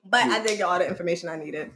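A young woman co-hosting a casual podcast chat, telling animated stories with lots of laughter and quoted voices. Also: on the high side, heavy background noise. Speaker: podcast co-host.

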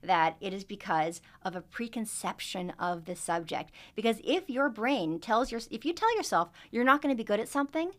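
A woman who is a guest on a podcast, talking in an animated way and laughing easily. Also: mid-range voice, a little fast, few pauses. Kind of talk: casual interview chat.

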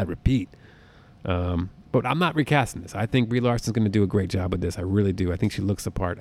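Excitable, profane man with a low voice. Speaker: podcast host. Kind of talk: casual solo podcast talk. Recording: close podcast mic.

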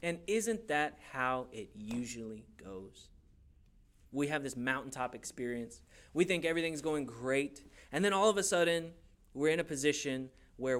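Preaching at a normal speed, a young man with a voice on the high side brings his sermon stories to life through playful imitations. He is a pastor from a Hispanic church community background, and his delivery is animated.

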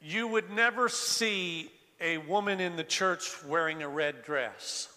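A man's voice: fairly high pitch, takes it slowly, pushed and bright, big-room sound. An older man preaching a sermon in a church sanctuary, talking with the congregation, asking them to raise their hands and often restarting his sentences. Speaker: pastor.

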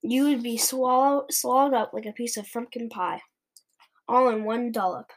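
Woman doing a big friendly giant, earnest and gentle, jumbled grammar, storybook reading, fairly high voice. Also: fairly even intonation, moderate pace. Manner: mangles words, gentle and earnest. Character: big kindly male giant, muddled grammar. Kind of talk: storybook read-aloud.

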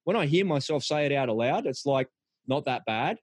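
A man's voice: mid-range voice, lively intonation, brisk, dry recording. A middle-aged man, hosting a podcast in an encouraging, chatty way. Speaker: podcast host. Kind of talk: casual podcast chat.

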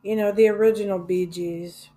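A woman's voice: medium pitch, steady tone, normal speed, warm tone. A woman in a casual rambling monologue about music, hesitant, with many fillers and restarts and some blunt swearing. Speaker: music vlogger.

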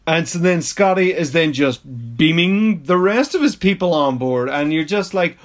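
Chatty man, slightly high voice. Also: expressive, measured pace. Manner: rambling, chatty, mock-exasperated, laughs often. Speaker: podcast host reviewing an episode. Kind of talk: casual recap commentary.

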